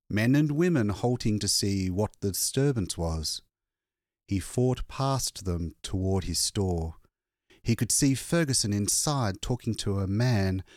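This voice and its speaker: Male audiobook narrator, low voice, unhurried and expressive storytelling with lively intonation. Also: no room sound, studio quality. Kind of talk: scripted narration.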